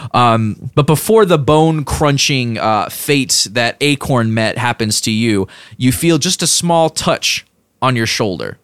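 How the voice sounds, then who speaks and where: A man's voice: mid-range voice, fairly bright tone, clear, resonant tone, no room sound. A man narrating a tabletop game as game master, rambling with many fillers.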